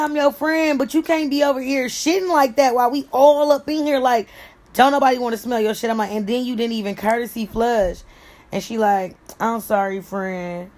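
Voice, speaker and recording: A woman's voice: mid-range voice, darkish tone. A young adult woman vlogger telling a casual story, blunt and profane, acting out what each person said. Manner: blunt and profane, acts out quoted lines.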